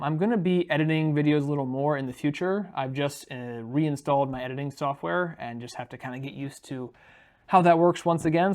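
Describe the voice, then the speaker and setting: A man chatting casually in a talking-head board game vlog, relaxed and unscripted with frequent ums. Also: mid-range voice. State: briefly out of breath after carrying boxes. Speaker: board game video creator.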